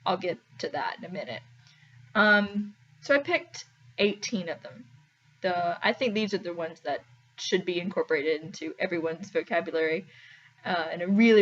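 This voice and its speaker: A woman's voice: fairly low pitch, highs cut off. A young woman vlogging to camera in a chatty, wry, self-deprecating way, full of "like"s. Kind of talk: casual talking-to-camera vlog.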